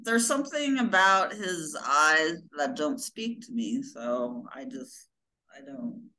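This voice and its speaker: Hesitant woman with a bright voice. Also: sits low, animated, takes it slowly, rough recording. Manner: hesitant, trails off. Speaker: podcast co-host. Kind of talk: casual chat.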